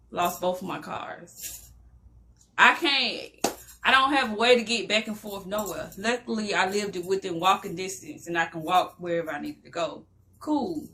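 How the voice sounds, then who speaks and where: A woman's voice: mid-range voice, bright, forceful tone, slight background noise. A middle-aged woman telling her personal story in a motivational talk, emotional and preacher-like, repeating phrases for emphasis.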